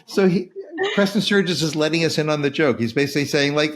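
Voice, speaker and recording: A man's voice: on the high side, a little fast. A man hosting a casual film discussion podcast, talking with enthusiasm and acting out the quoted lines. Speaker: podcast host.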